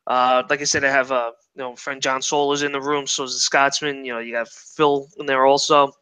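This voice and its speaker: A man's voice: mid-range voice, flat delivery, brisk, bright, forceful tone, clear, resonant tone. A young man, a guest chatting casually, rambling and swearing freely. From New York. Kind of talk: casual chat.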